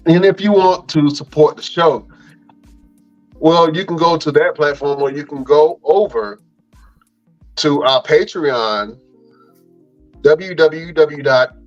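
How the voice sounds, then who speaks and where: A man's voice: a little high, lo-fi sound. A man hosting a wrestling podcast, casually running through the show's plugs in a laid-back, slangy, rambling way. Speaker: podcast host.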